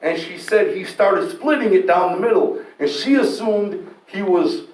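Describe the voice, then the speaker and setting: A man telling a candid, profane personal story in an animated way, getting loud and shouting at dramatic moments. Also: high-pitched, measured pace. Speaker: storyteller guest. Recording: roomy echo, distant mic, faint noise.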